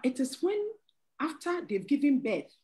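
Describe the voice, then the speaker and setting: A woman's voice: sits high, big pitch swings, moderate pace, dark tone, low-quality recording. A middle-aged woman, sharing a testimony on a church talk show and earnestly pleading with listeners, often breaking into laughter. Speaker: panel guest.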